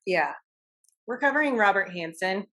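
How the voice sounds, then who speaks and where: A woman's voice: medium pitch, animated, normal speed, sharp tone. A young woman co-hosting a podcast in casual chat, chatty with frequent laughs and fillers. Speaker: podcast co-host.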